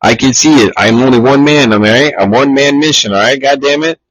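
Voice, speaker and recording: A man's voice: mid-range voice, fairly quick, no room sound, poor audio. A man co-hosting a casual podcast, teasing his friends and swearing freely. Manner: profane, teasing, animated impressions. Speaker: podcast co-host. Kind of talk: casual chat.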